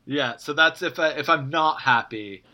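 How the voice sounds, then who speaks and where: A man playing an earnest corporate host whose voice is bright and sharp. He fumbles cheerfully through business buzzwords, restarting his sentences. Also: on the high side, normal speed. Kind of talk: comedy sketch, mock corporate show.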